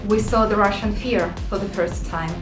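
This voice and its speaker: A woman's voice: medium pitch, steady tone, normal speed, reverberant, music in the background, low-quality recording. A woman from Ukraine with a Ukrainian accent, hosting her channel and giving passionate, sarcastic commentary in English. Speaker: channel host.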